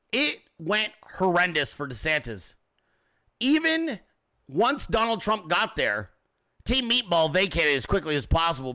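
A high-pitched, bright-toned man hosting a ranting commentary show. He swears constantly and mocks his targets with heavy sarcasm. His delivery is brash and cutting. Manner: profane, mocking, sarcastic. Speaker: host.

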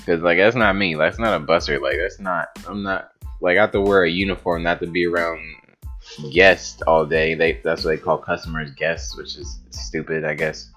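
A young man with a low, deep voice tells a story straight to camera, loose and rambling. He swears freely and leans on "like" between his words. Faint music plays underneath. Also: steady tone, normal speed, fairly bright tone. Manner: rambling, profane, with frequent "like" fillers and laughs. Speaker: vlogger telling a story. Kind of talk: casual storytelling monologue.

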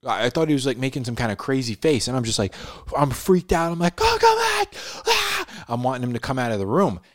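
A man, a podcast host, casually telling a story in a laid-back way, dropping "dude" and "like" often and building drama with pauses. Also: mid-range voice, dry recording, studio quality. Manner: animated, dramatic retelling with pauses.

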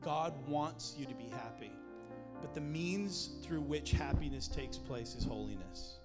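A man delivers a sermon in a loose, conversational way, slipping in jokes between emphatic points. His voice sits in a middle register. It carries through a long, reverberant hall while music plays clearly underneath. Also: medium pitch, unhurried. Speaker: preacher.

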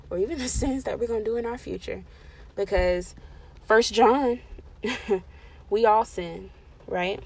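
A woman in the middle of a sermon, preaching with real passion. Her voice sits at a medium pitch and surges loud on declarations, then drops soft and close when she pleads. She repeats her key phrases over and over for emphasis. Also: slightly rough. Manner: impassioned, shifting between loud emphasis and soft intimate pleading.

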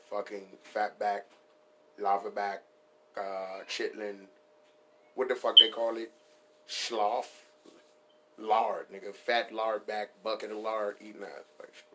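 A man with a low speaking voice riffs loosely on a comedy podcast. He swears freely and rambles from one bit to the next in a playful tone. Faint background noise sits behind him. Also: monotone, takes it slowly, sharp tone. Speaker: podcast host. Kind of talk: casual comedic riffing.

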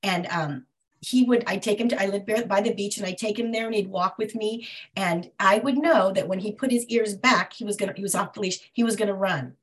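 A middle-aged woman on a video call, sharing her story at a recovery meeting in a halting way, often restarting and searching for words. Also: medium pitch.

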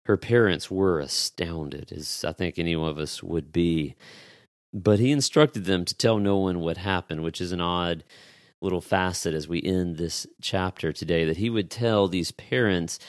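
A man with a notably low voice delivers a sermon on a Bible passage. He slips into dramatic voices for the people in the story and slows down to land key points. The sound is dry and close, with no room echo. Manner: retells the story in dramatic voices, slowing to emphasize. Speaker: preacher.

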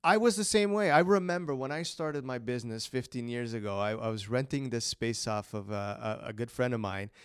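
Man, business owner, casual chat, smooth resonant voice, dry close sound. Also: mid-range voice, fairly quick, few pauses, dry recording. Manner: reflective, conversational.

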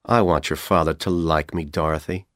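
A man reading an audiobook, voicing a handsome, scheming young college man who talks calmly and persuasively. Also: extremely low pitch, moderate pace, no room sound, clean studio sound. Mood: persuading. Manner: calm, coaxing, persuasive.

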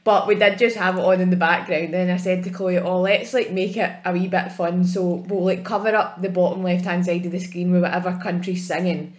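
A woman's voice: on the low side, flat delivery, a little fast, hardly any pauses. A young Scottish woman co-hosting a podcast, teasing her friend bluntly and swearing freely. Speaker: podcast co-host. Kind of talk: casual chat. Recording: echoey room.

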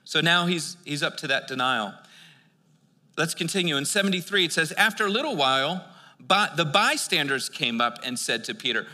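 A man's voice: on the high side, animated, normal speed, sharp tone, big-room sound. An American man preaching a sermon, reading scripture and breaking into casual, chatty explanations. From United States. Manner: reads scripture then explains it in casual asides; conversational, with filler words and restarts.

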